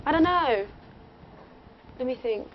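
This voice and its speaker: A woman's voice: high-pitched, lively intonation, takes it slowly. A young English woman chatting casually as an interview guest, rambling and giggly, with lots of fillers. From England. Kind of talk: casual radio interview chat. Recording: muffled lo-fi audio with faint noise.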